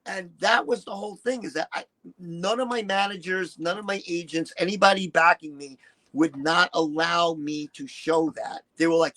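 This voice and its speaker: A high-voiced profane man in his sixties. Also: normal speed, low-quality recording. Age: 60s. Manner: profane, animated, acts out quotes. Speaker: interview guest, retired shock-rock performer. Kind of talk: candid storytelling interview.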